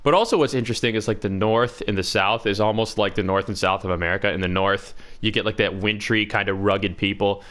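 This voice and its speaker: Male podcast co-host with a lowish voice and a loose, joking delivery. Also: steady tone, a bit bright. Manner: joking, jumps between fast riffs and slow drawls. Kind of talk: casual banter podcast.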